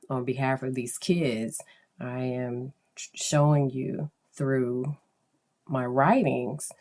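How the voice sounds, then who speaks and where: A woman's voice: very deep voice, a little mellow. A woman psychologist hosting her podcast in casual, chatty talk, often acting out the voices of people she quotes.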